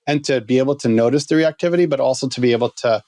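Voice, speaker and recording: A man telling a story as a guest on a podcast, halting with many restarts. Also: mid-range voice, darkish tone, no room sound, studio quality.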